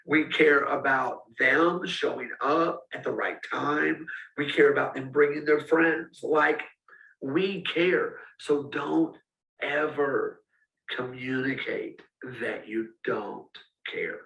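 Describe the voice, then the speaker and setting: A man's voice: mid-range voice, slow pace, gravelly, sharp tone. A man giving a casual, direct teaching talk to student ministry leaders. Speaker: youth ministry coach. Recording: roomy, speaker far from mic.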